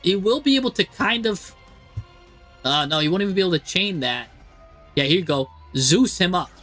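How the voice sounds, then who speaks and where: Commentating a card game on a live stream, this man talks to the on-screen players with animated exasperation. His voice sits high and moves at normal speed, while faint music plays behind him.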